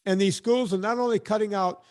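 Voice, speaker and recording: A man hosting a podcast interview, talking in an animated, emphatic way and often repeating words as he gets going. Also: sits high, a little fast. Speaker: podcast host. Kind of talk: casual conversational interview.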